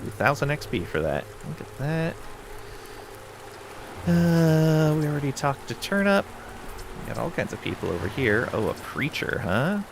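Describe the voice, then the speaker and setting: A man streaming a casual game playthrough, reading story text aloud in a relaxed way with asides. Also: a little high, measured pace, creaky, pauses often, background noise. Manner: relaxed, with frequent ums and asides.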